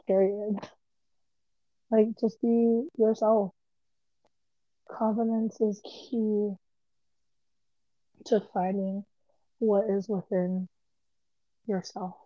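A woman's voice: mid-range voice, flat delivery, drawn-out words, pauses often, no room sound, dull audio. A young woman co-hosting a casual podcast chat, rambling with lots of "like". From Las Vegas area. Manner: rambling, heavy use of "like". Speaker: podcast co-host.

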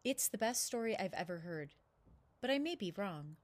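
An eager little boy, read aloud by a woman in a storybook, stubborn and insistent when he wants something. The voice lifts a bit higher than the narration, bright with want. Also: animated, moderate pace, lightly acted. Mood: earnest.

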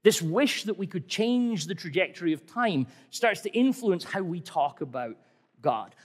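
A man's voice: high-pitched, expressive, moderate pace, husky. A middle-aged man preaching a sermon in a conversational, wry way, asking many rhetorical questions. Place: church hall. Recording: long hall reverb.

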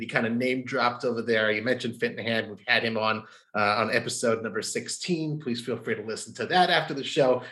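A man's voice: medium pitch, a bit bright. A man hosting a podcast interview in a casual, chatty way, with many "um"s and "you know"s. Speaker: podcast host.

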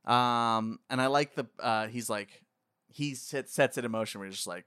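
A man's voice: medium pitch, normal speed, a bit bright, smooth, no echo, studio quality. Laid-back man riffing on a movie. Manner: rambling, laughs often, quotes scenes in voices. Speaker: podcast co-host. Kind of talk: casual movie commentary chat.

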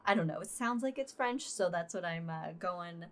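A woman's voice: fairly low pitch, lively intonation, normal speed. A woman co-hosting a casual podcast, rambling with frequent fillers and laughter. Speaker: podcast co-host. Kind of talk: casual chat.

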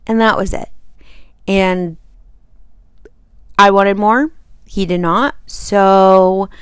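A young woman talks straight into a dry, close microphone, her voice at an ordinary middle pitch. She tells her story in a casual, chatty way, acting out the lines people said and tossing in quick asides. It sounds like a solo podcast. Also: clean tone, no echo. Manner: chatty, animated, acts out quotes with sighs and asides. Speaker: podcast host.

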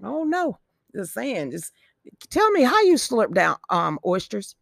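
A woman's voice: a little high, very animated, measured pace, vocal fry, fairly bright tone, no room sound, clean studio sound. A middle-aged woman, hosting a live show in brash, profane, joking casual chat.

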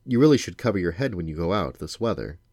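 A man reads the part of an earnest, lovesick young prince from a storybook. The voice is deep and set close in a dry room. He speaks plainly and pleads. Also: sing-song, quick pace, a little mellow, no echo, heavily acted. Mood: pleading.

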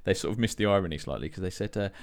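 An English man with a deep, low voice co-hosts a relaxed podcast chat. He talks in a laid-back, self-deprecating way, often pausing on um and uh. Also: creaky. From England. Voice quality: relaxed, self-deprecating, hesitant with many fillers. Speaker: podcast co-host. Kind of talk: casual chat.

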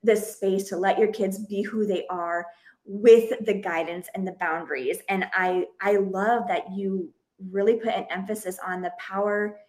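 A woman's voice: medium pitch, fairly even intonation, normal speed, a little mellow. A woman in her thirties, a parenting coach hosting a podcast, talking earnestly and expressively, often restarting her sentences. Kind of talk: casual podcast conversation.

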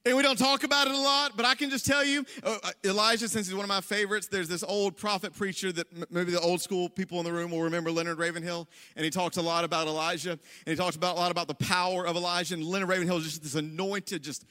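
A young man preaching as pastor to a congregation, telling a story with animated energy that rises toward near-shouting on key lines. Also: high voice, quick pace, hardly any pauses. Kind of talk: sermon storytelling. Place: church hall before a congregation. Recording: long hall reverb.

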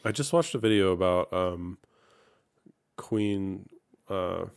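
A man hosting a podcast, telling a story in a relaxed, hesitant way. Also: low voice, slow pace, creaky, clean tone, no room sound, clean studio sound. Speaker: podcast host. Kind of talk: casual chat.

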